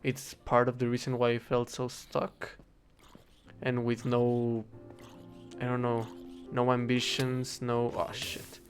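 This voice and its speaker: Young man, mid-pitched, rambling chat over a game with faint music under it, stops and restarts a lot. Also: monotone, slow. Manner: rambling, hesitant, self-correcting, swears casually. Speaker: English teacher. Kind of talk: casual rambling talk while gaming.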